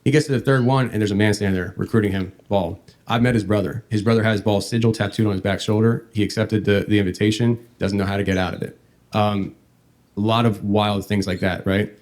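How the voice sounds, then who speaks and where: A man hosting a podcast, telling a long story in a meandering, halting way. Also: lowish voice, fairly even intonation, darkish tone. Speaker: podcast host.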